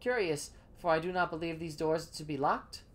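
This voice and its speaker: Stiff old-timey landlord talking all thee and thou, a woman doing it, slow and formal, lowish voice. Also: lightly acted.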